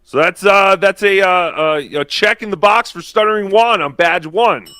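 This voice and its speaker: A man's voice: high voice, moderate pace, pushed and bright, clean tone, no echo. A man co-hosting a casual legal commentary chat, playful and hesitant with many fillers. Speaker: co-host.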